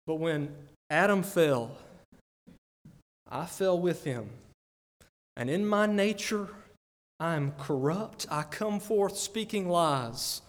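A man's voice: a little high, animated, slow, long pauses. A man preaching a sermon, earnest and conversational, often checking in with his listeners with "right?". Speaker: pastor. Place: church sanctuary. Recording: long church reverb.

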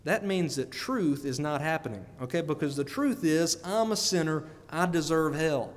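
A man's voice: on the high side, animated, normal speed, in a large hall. A man preaching a sermon in an earnest way, often repeating words and putting questions to his listeners.

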